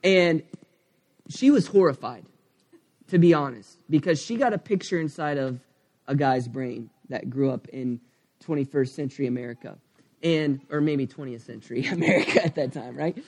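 A man's voice: mid-range voice, normal speed, darkish tone. A man in his thirties preaching a sermon, telling a personal story candidly, with many fillers and asides. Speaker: pastor.

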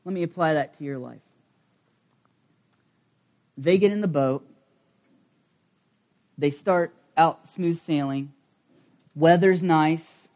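Middle-aged male pastor, dramatic sermon delivery, unhurried with loud bursts and hushed stretches. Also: fairly high pitch. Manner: dramatic, swings from loud acted outbursts to quiet intensity.

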